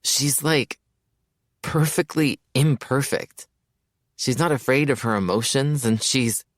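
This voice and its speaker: A man voicing a lovestruck young man who dreamily recites Shakespeare in a slow, theatrical way. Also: mid-range voice, no room sound, clean studio sound, pitched above the performer's own voice, close to an everyday voice. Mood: teasing.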